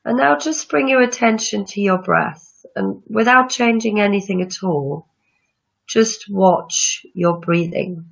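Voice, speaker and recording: A woman yoga teacher leading a guided breathing meditation with slow, soothing instructions. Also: on the low side, creaky. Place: room with chairs, not a studio. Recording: dull lo-fi sound.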